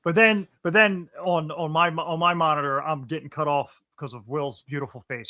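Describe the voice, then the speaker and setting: A man hosting a podcast over a video call, chatting casually, animated and swearing freely. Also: fairly high pitch, moderate pace, few pauses, dry recording. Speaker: podcast host.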